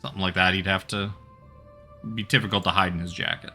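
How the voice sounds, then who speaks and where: Animated bright-voiced man game master. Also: low voice, fast talker, soft background music. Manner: casual, animated narration. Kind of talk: narrating a tabletop game.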